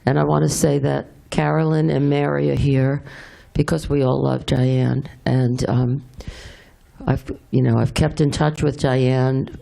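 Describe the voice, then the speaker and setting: A middle-aged woman giving a heartfelt memorial speech for a friend, halting and tender, with many pauses and restarts. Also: a bass voice, level tone, creaky, warm tone.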